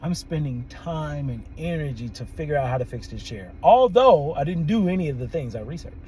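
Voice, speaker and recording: Man, therapist telling a story, animated, laughs a lot, higher voice. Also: brisk, a little hiss or hum, poor audio. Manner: animated, laughs often, quotes people in their own voices. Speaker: therapist, podcast host. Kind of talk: storytelling monologue.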